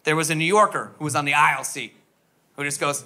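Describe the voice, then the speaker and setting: A man's voice: a little high, fast, over a noisy crowd, heavy background noise. A young man from the US East Coast doing stand-up comedy, rambling and self-mocking with lots of fillers and tag questions.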